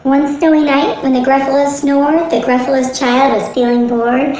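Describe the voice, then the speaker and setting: A woman teacher from the northern United States reading a children's picture book aloud in a clear, lilting way. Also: high voice, flat delivery, moderate pace, a little mellow, slight background noise. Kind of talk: children's storybook read-aloud. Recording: roomy echo, faint music.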